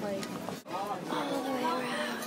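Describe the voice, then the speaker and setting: A woman's voice: on the high side, fairly even intonation, a little slow, a loud crowd. A woman vlogging casually as she walks a downtown street, bubbly and playful, exclaiming often, recorded on a handheld camera. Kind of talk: casual vlog chat. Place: outdoors on a busy downtown street. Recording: noisy street with traffic.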